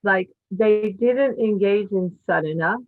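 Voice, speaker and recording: A woman's voice: medium pitch, slow pace. Chatty woman storyteller over a tinny call. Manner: animated, chatty, many fillers. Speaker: devotional speaker. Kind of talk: storytelling talk. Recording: tinny phone-like call audio.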